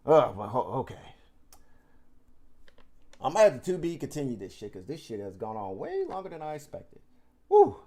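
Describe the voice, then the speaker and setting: A man's voice: mid-range voice, wildly swooping pitch, normal speed, pauses often, dark tone. A man ranting straight to his audience, heated and profane, rambling with many restarts. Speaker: YouTube commentator. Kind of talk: unscripted rant to camera.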